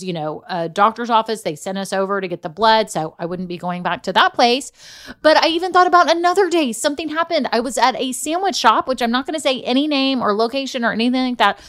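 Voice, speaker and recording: A woman's voice: fairly high pitch, a bit bright. A middle-aged woman, a business coach telling stories in a casual motivational talk. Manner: chatty storyteller, addresses listeners as y'all.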